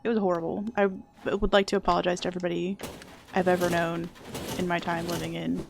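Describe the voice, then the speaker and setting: A woman's voice: fairly low pitch, level tone, fast talker, gravelly, slight background noise. Chatty, sarcastic young woman streamer. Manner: chatty, sarcastic, swears casually, jokes about a movie. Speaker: streamer playing a video game. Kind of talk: casual live-stream chat.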